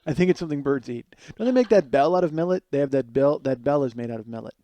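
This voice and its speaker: Man, forties, comedy podcast host, rambling profane monologue, dark mellow tone, dry close sound, late-night kitchen. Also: mid-range voice, expressive, fast, no echo. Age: 40s. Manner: rambling, profane, mocking impressions of others.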